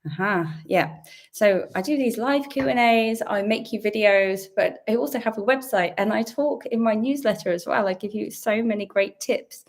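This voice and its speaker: A British woman from the UK, a little croaky from a sore throat, hosting a chatty, upbeat live-stream Q&A from home and greeting her viewers. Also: medium pitch, moderate pace. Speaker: host. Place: home indoors.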